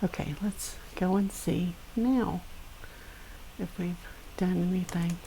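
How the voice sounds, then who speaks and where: A woman streaming from her home desk, talking slowly and softly to her cat in baby talk. Her voice sits low with a gravelly fry and a dark, mellow tone. She speaks into a desk microphone. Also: fairly even intonation, a little hiss or hum, rough recording. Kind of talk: casual chat with her cat while gaming.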